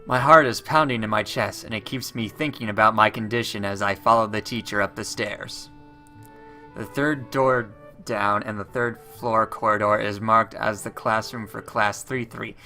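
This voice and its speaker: A man's voice: fairly low pitch, steady tone, moderate pace, pushed and bright, faint music behind. A man reading a visual novel aloud with chatty asides, often stumbling and restarting on words. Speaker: let's player.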